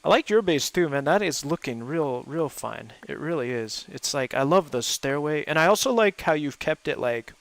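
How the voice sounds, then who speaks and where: A man hosting a co-op game stream, chatting casually and easily with friends, laughing often and thinking out loud as he plays. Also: fairly high pitch, expressive, normal speed, vocal fry, few pauses, no room sound. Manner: thinks aloud with fillers. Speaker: gaming host playing with friends. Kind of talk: casual chat while gaming.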